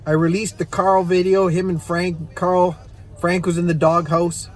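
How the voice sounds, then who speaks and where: A man's voice: sits high, level tone, measured pace. A middle-aged man in back pain, casually telling viewers a rambling, self-mocking story and chuckling at his own jokes. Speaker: vlogger and songwriter.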